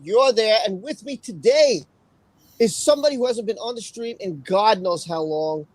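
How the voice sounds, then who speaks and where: A man's voice: high voice, lively intonation, moderate pace, dry recording, poor audio. A man hosting a live stream, chatting casually and joking as he thanks viewers. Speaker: host.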